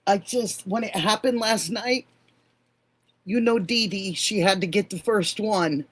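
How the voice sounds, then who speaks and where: Older woman, livestream host, slow unhurried delivery, affectionate, calls everyone honey. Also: mid-range voice, breathy edge. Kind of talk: casual live-stream chat greeting viewers.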